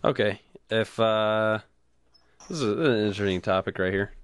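A young man hosting a casual radio chat, easygoing and agreeable, pausing often to find his words. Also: on the low side, little pitch movement, clean tone. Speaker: radio host.

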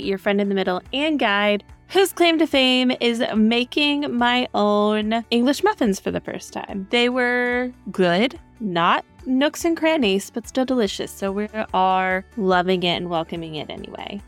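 A woman hosts a podcast in an upbeat, friendly voice of middling pitch. Soft music plays faintly behind her. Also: lively intonation, normal speed, few pauses. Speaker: podcast host. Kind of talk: podcast interview.

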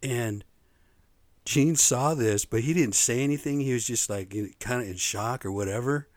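A man's voice: mid-range voice, moderate pace, dry recording. A man in his fifties telling personal stories casually, rambling and profane, often tacking "man" onto his sentences. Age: 50s. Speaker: storyteller.

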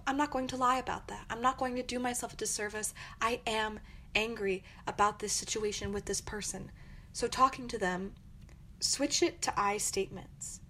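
An earnest young woman hosts her own podcast, talking through advice in an encouraging, reflective way. Her voice sits a little high, with a faint hiss behind it. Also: fairly bright tone. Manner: earnest, encouraging, acts out angry quotes. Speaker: podcast host.

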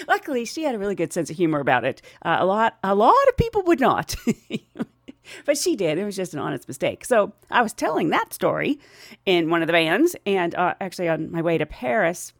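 In a lowish voice that moves fairly quickly, a middle-aged woman tells comic travel stories, recorded in clean studio sound without room noise. She hosts a podcast and works as a flight attendant, and her casual storytelling is lively, full of laughter and imitated voices.

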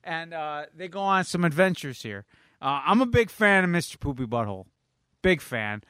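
A man's voice: a little high, sing-song, moderate pace, a bit bright, smooth, no room sound. A man co-hosting a podcast, chatting casually and telling a rambling, laid-back story. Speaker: podcast co-host. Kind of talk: casual chat.

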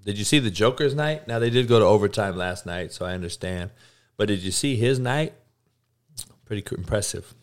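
A man's voice: on the low side, fairly quick. A man hosting a live podcast, ranting bluntly with constant profanity, repeating lines for emphasis and calling out listeners by name. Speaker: podcast host.

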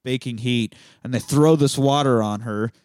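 A man hosts a casual movie show and walks through a film scene by scene, cursing often and breaking into laughter along the way. His voice sits at an ordinary middle pitch. It sounds close and dry, with no room sound. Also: a little mellow, no echo. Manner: profane, chatty and quick to laugh, acts out quotes. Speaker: movie podcast host.

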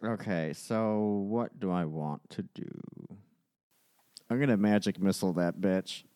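A man playing a tabletop game, low-key and a little unsure of the rules. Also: a little slow, warm tone, clean tone, dry recording, studio quality. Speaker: player. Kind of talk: casual tabletop game chat.

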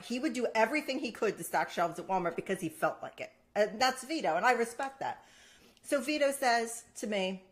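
A woman's voice: a little high, brisk. A woman co-hosting a casual chat show, teasing her partner and telling stories playfully. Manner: playful teasing, animated storytelling with laughs. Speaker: co-host.

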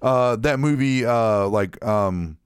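A man's voice: medium pitch, slow, smooth, dry recording, clean studio sound. A man co-hosting a casual chat, rambling and profane, often trailing off mid-sentence.

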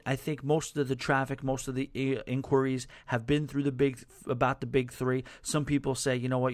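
A man hosting a podcast in casual chat, with a softened New York accent, rambling and correcting himself as he answers listener emails. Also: mid-range voice, no room sound. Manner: rambling, self-correcting, conversational. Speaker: podcast host.

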